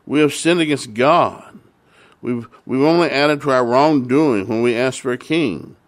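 A man voicing a frightened, repentant crowd of ancient people in a retold Bible story, pleading with slow emphasis. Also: mid-range voice, close to an everyday voice.

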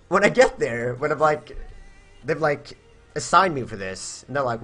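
A man's voice: mid-range voice, lively intonation, moderate pace, pushed and bright, faint music behind. A young man from Sweden chatting casually on a live stream, answering viewer questions in a rambling way, searching for words and swearing.

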